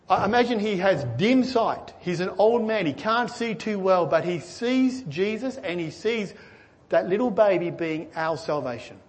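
A man preaching a sermon, earnestly asking his listeners questions and swinging between excited and hushed delivery. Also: high voice. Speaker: pastor.

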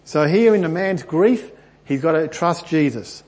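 Earnest husky preacher man. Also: measured pace. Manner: earnest and animated, often rising in pitch and volume. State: clearing a stuffy throat. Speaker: pastor. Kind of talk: Bible teaching.

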